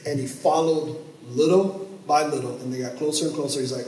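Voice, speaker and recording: Animated pastor in an echoey church. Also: male voice, a little high, fairly quick. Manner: animated storytelling, voice rising and dropping sharply for dramatic effect. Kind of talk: sermon with storytelling. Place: church sanctuary. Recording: echoey church, mic at a distance, faint noise.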